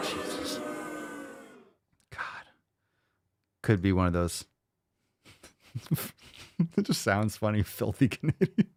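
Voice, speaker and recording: A man's voice: lowish voice, animated, a little slow, pauses often, darkish tone, no echo. A man hosting a podcast, ranting in blunt, mocking, profane commentary. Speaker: podcast host.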